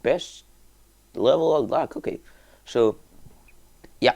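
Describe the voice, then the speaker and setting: Speaking slowly with vocal fry, the gaming video host offers rambling let's-play commentary. His excitement spills over into abrupt, high-pitched yelps and whoops.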